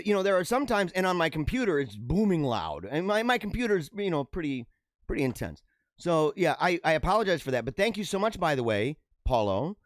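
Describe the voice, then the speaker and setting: A man with a fairly high, very lively voice hosts a casual livestream. He chats through viewer comments in an animated way and often drops into low asides. His radio-style mic sounds close and dry. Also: no echo. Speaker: livestream show host. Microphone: radio-style studio mic.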